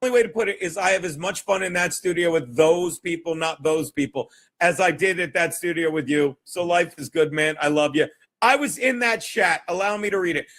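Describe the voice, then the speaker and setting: A friendly man talking casually on a replayed show clip. His voice is notably high for a man, and he sounds warm and complimentary as he thanks someone and reads a message. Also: brisk.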